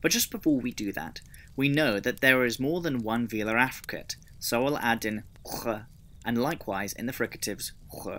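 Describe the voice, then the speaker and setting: A man's voice: mid-range voice, normal speed, sharp tone. A man narrating a scripted lesson on building a constructed language, methodical and explanatory, with dry personal asides. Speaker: conlang video creator.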